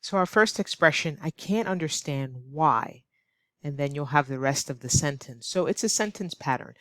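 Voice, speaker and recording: A woman with an American accent teaching an online English lesson, expressive and acting out her examples. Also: moderate pace, no echo, clean studio sound. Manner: expressive, acts out examples with big swings of pitch. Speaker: ESL teacher.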